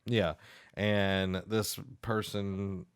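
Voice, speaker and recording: Young man, very deep low voice, casual podcast chat, retells a book, laughs and acts out lines. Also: flat delivery, clean tone, no room sound. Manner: laughing, acts out characters' lines in quick bursts. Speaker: podcast co-host.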